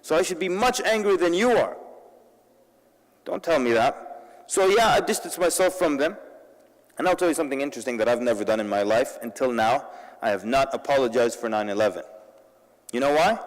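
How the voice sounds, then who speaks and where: A man with a fairly high voice gives a lively, story-driven talk to a convention crowd, slipping Arabic words into his English. His voice rings out in a large hall with a long echo. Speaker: convention speaker. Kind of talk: humorous public talk.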